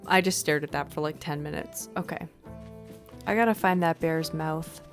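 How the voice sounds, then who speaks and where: A woman giving casual, gushing commentary on a video game, often clearing her throat and sniffing. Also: low-pitched, normal speed, faint music behind. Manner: gushing, excitable, frequent exclamations. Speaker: gaming video host.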